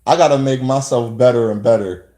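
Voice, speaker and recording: A man's voice: mid-range voice, fairly quick, mellow, reverberant. A man talking straight to camera in a rambling monologue, full of rhetorical questions and restarts. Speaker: vlogger.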